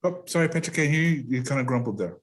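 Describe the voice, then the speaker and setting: A man's voice: mid-range voice, expressive. Man teaching an online class. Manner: halting, with restarts and rhetorical questions.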